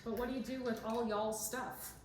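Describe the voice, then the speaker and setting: A woman's voice: fairly high pitch, fairly even intonation, moderate pace, darkish tone. Chatty giggly woman mixing drinks, rambly, echoey room w/ some noise. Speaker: podcast co-host, dentist. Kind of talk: casual chat while mixing a cocktail.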